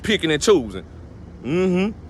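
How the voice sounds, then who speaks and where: A man's voice: high-pitched, sing-song, a little slow, slight background noise. A man giving casual motivational advice, emphatic and preachy, often repeating his stock phrases. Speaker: vlogger giving life advice.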